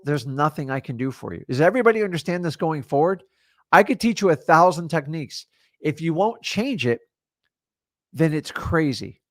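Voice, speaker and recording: A man's voice: on the high side, no echo, clean studio sound. Blunt, fired-up male coach. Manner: imitates excuses in mocking quoted voices. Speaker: real estate wholesaling coach. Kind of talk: live-stream coaching talk.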